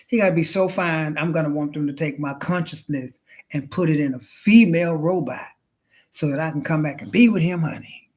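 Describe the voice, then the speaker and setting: A woman's voice: low-pitched, normal speed, darkish tone. Sassy woman chatting on a livestream. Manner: sassy, calls listeners honey, drawling. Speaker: livestream host. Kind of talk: casual comedic livestream chat.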